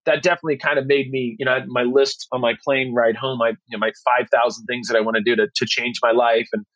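A man's voice: mid-range voice, fast talker, no echo, dull audio. A man chatting as a podcast guest, telling stories in a rambling way with many restarts and fillers. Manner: animated when retelling stories. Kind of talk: casual storytelling chat.

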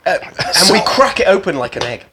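A man's voice: high voice, sing-song, fairly quick, background noise. A young man co-hosting a podcast, joking in a mock-grand way. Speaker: podcast co-host. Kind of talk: casual chat.

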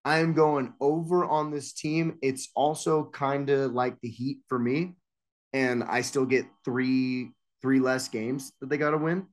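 A man's voice: medium pitch, fairly even intonation, unhurried. A decisive man making sports picks. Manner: decisive, leads through the picks. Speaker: sports podcast co-host. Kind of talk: casual sports chat.

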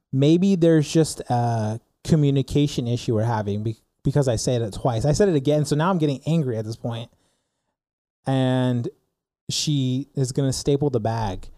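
Young guy telling a story, super mellow dark voice, acts out all the lines, dry close mic. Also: mid-range voice, moderate pace, dry recording. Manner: animated storyteller, acts out dialogue with filler words. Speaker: podcast co-host telling a story. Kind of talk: casual storytelling chat.

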